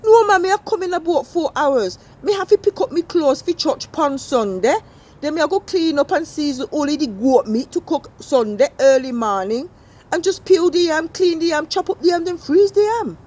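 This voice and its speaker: A woman's voice: sits high, lively intonation, moderate pace, a little mellow, pitched above the performer's own voice. A woman putting on a chatty old Jamaican lady. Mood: lively gossip. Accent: Jamaican patois.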